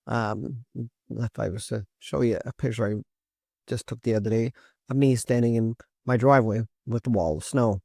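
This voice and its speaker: A man's voice: mid-range voice, fairly even intonation, moderate pace, vocal fry, darkish tone, no echo, studio quality. A man giving casual reaction commentary as a genealogy host, thinking aloud with many restarts. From Canada.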